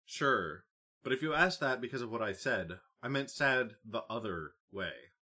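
A man voicing a thoughtful teenage girl in an audiobook, groping slowly for words. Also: mid-range voice, animated, pushed and bright, heavily acted. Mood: earnest. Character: teen girl, thoughtful, hesitant.

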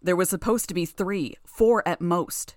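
A woman's voice: a little fast, dry recording, studio quality, lightly acted. A woman doing a growling, menacing boy gang leader. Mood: angry. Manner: low, growling and commanding.

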